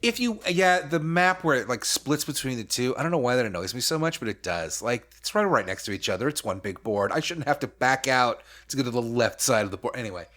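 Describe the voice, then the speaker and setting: Rambling, animated male podcast host. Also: medium pitch, fairly quick, hardly any pauses. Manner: rambling, heavy use of "like", mock-outraged ranting. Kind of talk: casual gaming podcast chat.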